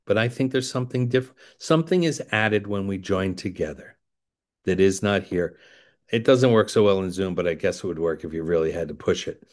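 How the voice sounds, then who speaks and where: A man's voice: low voice, brisk, darkish tone. Rambling, wry storytelling man. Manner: digressive, self-deprecating, with wry asides. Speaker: speaker at a recovery talk. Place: indoors by a window.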